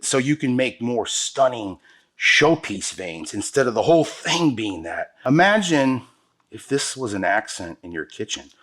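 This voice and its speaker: A man's voice: on the low side, a bit bright. A man teaching an epoxy pour as the show's host. He talks to viewers in an enthusiastic, slangy way while he works. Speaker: epoxy countertop instructor. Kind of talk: hands-on product demonstration.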